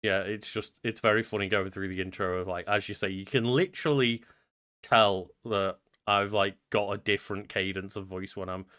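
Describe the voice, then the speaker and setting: Bright, smooth-voiced podcast co-host man. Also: fairly low pitch, steady tone, normal speed. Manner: chatty, reads promo plugs in a customer-service cadence. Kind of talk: casual podcast chat.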